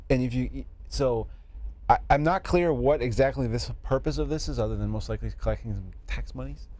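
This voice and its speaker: A man hosting a podcast in casual chat, laughing often and filling pauses with "uh" and "um". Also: mid-range voice, a little mellow. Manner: laughs often, hesitant fillers. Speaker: podcast co-host.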